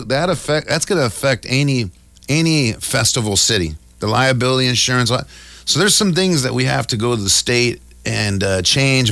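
A man's voice: medium pitch, bright, forceful tone, dry recording. A middle-aged man hosting a casual talk show, riffing animatedly and cracking jokes. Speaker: show host. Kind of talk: casual chat.

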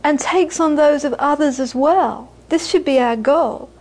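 High-voiced woman giving a dharma talk. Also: measured pace, darkish tone, poor audio. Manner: conversational and repetitive, often laughing. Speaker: Buddhist teacher. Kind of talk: informal dharma talk to an audience.

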